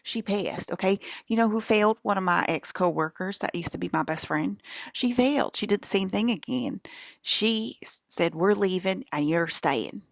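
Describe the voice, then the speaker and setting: A vlogger with a lowish voice and vocal fry talks to camera in a rambling, emphatic monologue, swearing and tacking "okay?" onto her points. The recording is dry, with clean studio sound.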